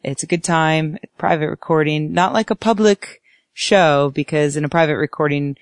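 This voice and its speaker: A woman co-hosting a podcast, chatting casually and plugging upcoming events with quick asides. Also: low voice, no room sound, clean studio sound. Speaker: podcast co-host. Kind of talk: casual panel chat and announcements.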